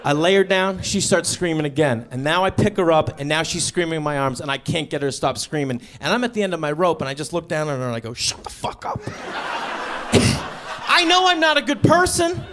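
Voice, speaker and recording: A man in his thirties works a stand-up set, his delivery deadpan and conversational. His voice sits fairly high. A faint background noise runs under the stage mic. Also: quick pace, hardly any pauses. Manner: deadpan, conversational storytelling with acted-out asides. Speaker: stand-up comedian. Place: comedy stage before a live audience.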